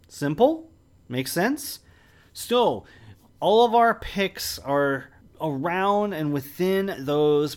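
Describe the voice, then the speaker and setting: A man co-hosting a movie podcast, explaining at length with frequent restarts. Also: fairly high pitch. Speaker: podcast co-host. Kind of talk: casual movie review chat.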